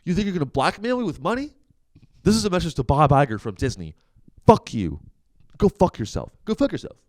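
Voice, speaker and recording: A man doing a shrill ranting tech mogul. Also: sing-song, brisk, darkish tone, dry recording. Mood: defiant. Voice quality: shrill, whiny rant. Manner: profane, childish outbursts. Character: ranting, petulant male tech billionaire.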